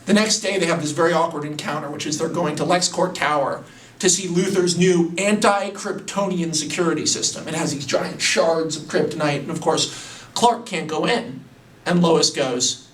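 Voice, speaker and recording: Excitable man pitching a story, echoey room. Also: moderate pace, distant mic. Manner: excitable, chatty, laughs at his own ideas. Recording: roomy, away from the mic.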